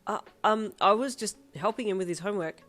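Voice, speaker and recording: A woman's voice: medium pitch, normal speed, fairly bright tone, faint music behind, voice pushed up, natural voice. A woman voicing a flustered, cheerful teenage boy who stammers and babbles, in a storybook reading.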